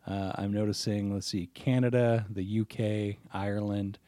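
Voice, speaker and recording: A man's voice: fairly low pitch, steady tone, moderate pace, mellow, dry recording. A man co-hosting a podcast in casual chat, swearing freely and laughing easily. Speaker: podcast co-host.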